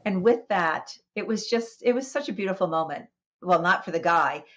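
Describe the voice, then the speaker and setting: A woman guest on a podcast, recounting her story with an expressive, lively delivery and frequent small restarts. Her voice sits low for a woman. The recording is dull and lo-fi. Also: normal speed. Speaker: wellness coach and author, interview guest.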